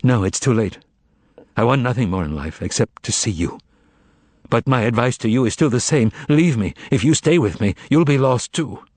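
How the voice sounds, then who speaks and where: A man's voice: mid-range voice, expressive, normal speed, darkish tone, dry recording, natural voice. A man voicing a weary, timid male writer who speaks hesitantly and tenderly. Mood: pleading.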